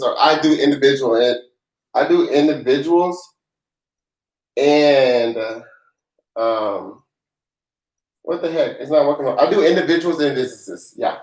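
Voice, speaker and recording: Speaking at a measured pace with frequent pauses, this man's medium-pitched, darkish voice carries a roomy echo. He grew up in the South and runs a relaxed tax Q&A livestream, joking around and laughing loosely.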